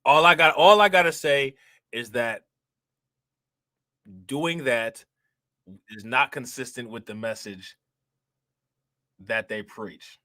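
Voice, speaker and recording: A man hosting a casual reaction livestream, talking in loose slang, repeating himself and reading out chat shout-outs. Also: mid-range voice, takes it slowly, long pauses, no echo. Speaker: reaction streamer host.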